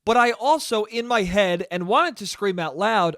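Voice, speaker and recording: High-voiced, profane ranting man. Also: lively intonation, normal speed, few pauses, a bit bright, no echo, clean studio sound. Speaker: podcast host. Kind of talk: solo comedic podcast monologue.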